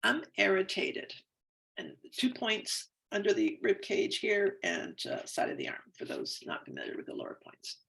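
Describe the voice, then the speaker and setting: A woman with a gravelly, creaky edge to her voice leads a guided tapping session. She speaks in slow, measured phrases for the listener to repeat after her. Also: medium pitch, wildly swooping pitch. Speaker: EFT tapping coach.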